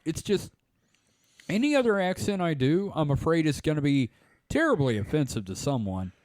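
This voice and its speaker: A man's voice: a little high, moderate pace, dry recording, clean studio sound. A man with a Southern US accent hosting a podcast, reading a story aloud and joking with his co-hosts. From southern United States. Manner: animated, joking. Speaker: podcast host.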